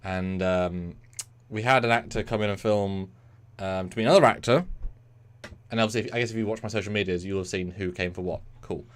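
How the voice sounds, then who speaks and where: A man's voice: on the low side, brisk. A man, co-hosting a casual livestream chat and telling stories at length. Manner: chatty storyteller, mimics voices. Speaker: co-host.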